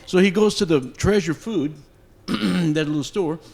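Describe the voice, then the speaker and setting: Soft-spoken older man. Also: high-pitched, gravelly. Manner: soft-spoken, halting, searching for words. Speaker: storyteller. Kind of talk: folk storytelling, mixing French and English.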